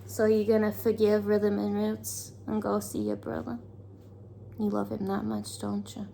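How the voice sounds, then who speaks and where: A hoarse woman voicing a nosy, mock-sympathetic busybody who fires off prying, sarcastic questions and drops into whispers. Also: mid-range voice, completely flat delivery, unhurried, dark tone, a little hiss or hum. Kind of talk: talking to herself on camera in a persona.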